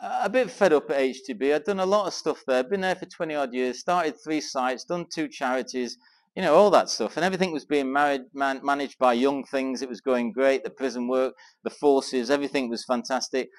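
A middle-aged man from England telling an animated personal story to a Christian men's gathering, acting out the dialogue as he goes. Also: mid-range voice, fairly quick. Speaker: speaker at a men's Christian weekend. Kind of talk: storytelling talk to a live audience.

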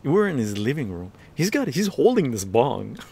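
Gravelly guy on a stream, cursing and cracking up telling a story, mid-pitch voice. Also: normal speed. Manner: profane, laughing, animated storytelling. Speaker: livestream host. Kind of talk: casual anecdote telling.

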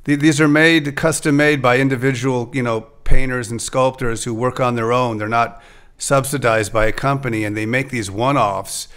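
Speaking at a moderate pace, a male podcast host with a steady, medium-pitched and slightly bright voice makes casual chat with his guest. Conversational yet hesitant, he frequently breaks off and restarts what he's saying.

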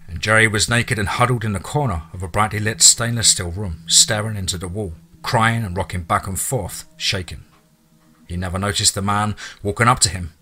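Guy narrating a horror story, bright forceful voice, a bit low. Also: slightly rough. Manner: steady storytelling.

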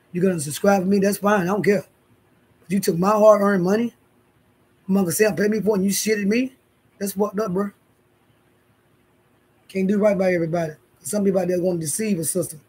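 A woman's voice: medium pitch, fairly even intonation, fairly quick, long pauses, darkish tone, husky. A woman hosting her own vlog, talking straight to her viewers in a blunt, profane way. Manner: blunt, profane, addresses viewers and others directly. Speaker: YouTube channel host.

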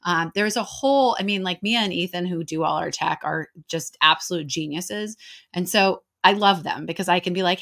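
Chatty American woman, lowish voice. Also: fairly bright tone. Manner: chatty, fast, heavy on filler "like" and "right?". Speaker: guest. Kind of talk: casual interview conversation.

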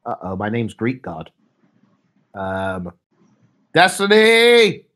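A man's voice: medium pitch, expressive, a little slow. Laid-back young male streamer. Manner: laid-back, mumbling, reads chat aloud. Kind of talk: casual live-stream chat.

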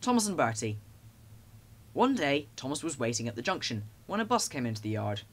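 A man reads a children's storybook aloud with lively expression. His voice sits in an ordinary middle range, neither deep nor high. The telling is steady and clear. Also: fairly quick. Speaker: narrator. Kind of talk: storybook narration.

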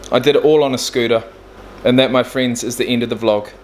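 A man's voice: medium pitch, steady tone, quick pace, a little hiss or hum. A man of thirty talking bluntly and candidly in a casual video diary, swearing freely. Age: 30s. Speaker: vlogger. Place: indoors in a furnished flat.

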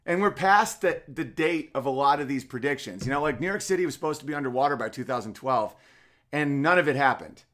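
A man's voice: mid-range voice, lively intonation, fast, a bit bright. A middle-aged man hosting a casual comedic podcast, firing off sarcastic rhetorical questions. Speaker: podcast host.

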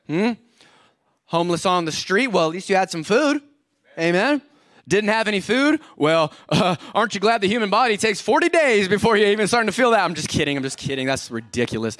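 A lively male pastor with a fairly high voice delivers a joking, energetic sermon. He slips into quick acted-out complaints between his points. The sound is close and dry, with almost no room echo. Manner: energetic, joking, self-described overcaffeinated; acts out everyday complaints in quoted voices. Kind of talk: humorous sermon.

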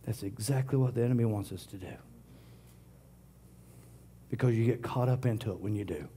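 A middle-aged man preaching a sermon, swinging from loud declarations to hushed whispers. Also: fairly low pitch, brisk, slight background noise. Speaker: pastor.

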